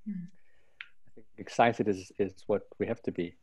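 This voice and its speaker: A man's voice: on the low side, big pitch swings, measured pace, breathy edge, no room sound. A man speaking as a panelist in a webinar discussion, hesitant and self-deprecating, restarting often as he recounts school workshops over a video call.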